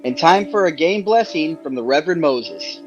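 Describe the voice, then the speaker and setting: A man's voice: on the high side, lively intonation, normal speed, lo-fi sound, soft background music. A man hosting a fan podcast, introducing segments in an upbeat announcer manner. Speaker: podcast host. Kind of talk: casual podcast banter.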